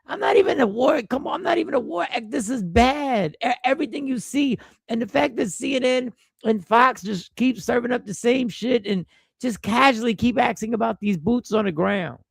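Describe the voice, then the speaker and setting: Gravelly-voiced man hosting a stream with a cold. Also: very high-pitched, a little fast, dry recording, studio quality. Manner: animated, riffing and repeating himself; greets viewers by name. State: stuffy nose from a cold. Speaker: live stream host. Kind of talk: casual live-stream commentary and chat greetings.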